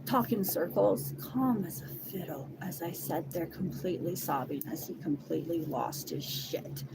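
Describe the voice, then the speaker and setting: A woman recounts a painful personal story in raw, blunt language, swearing freely as she goes. Her voice is gravelly with plenty of vocal fry, and the recording has clear background noise. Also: fairly low pitch, lively intonation, normal speed. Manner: blunt and heavily profane. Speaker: person giving a personal testimony. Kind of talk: emotional first-person storytelling. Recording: noisy background.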